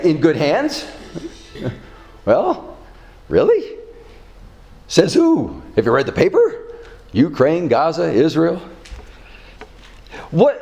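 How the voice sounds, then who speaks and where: Male pastor, storytelling sermon; slightly high voice, very lively pitch, chuckles often.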